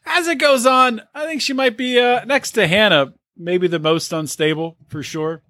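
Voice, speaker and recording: A man co-hosting a podcast, giving measured, hesitant opinions in casual chat. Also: high voice, bright, forceful tone, no echo, studio quality.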